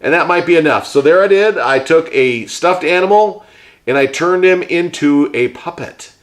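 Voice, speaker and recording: A man's voice: a little high, normal speed. A man hosting a hands-on craft tutorial, chatting and explaining each step while he works with his hands. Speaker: host and puppet maker.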